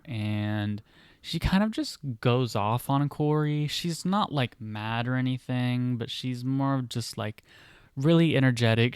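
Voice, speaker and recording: A man's voice: medium pitch, clean tone, no room sound. A man hosting a podcast, casually retelling a story in a rambling way with lots of fillers. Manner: rambling, many fillers and restarts. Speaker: podcast host.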